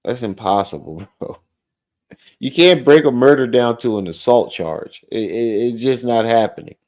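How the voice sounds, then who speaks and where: A man hosting a livestream, reacting to a clip with animated, mocking commentary. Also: medium pitch, moderate pace. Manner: animated, mocking, repeats phrases. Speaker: livestream host.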